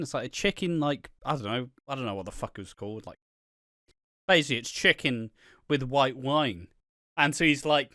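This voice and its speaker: Animated British man, bright and crisp. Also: moderate pace, no room sound, studio quality. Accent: British English. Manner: swears constantly, acts out characters' lines with big swings of pitch and loudness. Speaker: podcast co-host. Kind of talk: casual chat recapping a soap opera.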